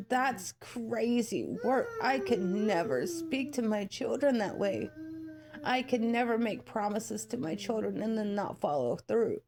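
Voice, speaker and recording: A young woman vlogger talking through near tears, heartfelt and rambling with many fillers, as she shares a personal story. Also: medium pitch. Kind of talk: emotional personal commentary. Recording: child noise in the background. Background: child yelling nearby.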